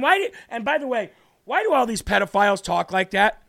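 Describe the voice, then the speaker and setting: A man's voice: sits high, very animated, brisk, gravelly, fairly bright tone, no room sound, studio quality. A man with an American accent hosting a political talk show, talking in a brash, indignant way that repeats words for emphasis.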